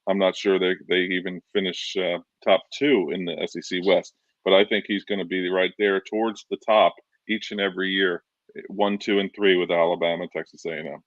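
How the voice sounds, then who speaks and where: A man's voice: low-pitched, flat delivery, brisk, dry recording, dull audio. A man co-hosting a casual sports talk show, earnest, often restarting his sentences and repeating himself. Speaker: podcast co-host.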